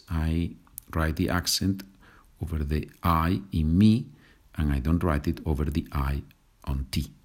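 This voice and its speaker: A man with a Spanish accent, teaching a Spanish lesson in a slow and patient way and moving between example sentences and explanations. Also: extremely low pitch. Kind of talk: language lesson podcast.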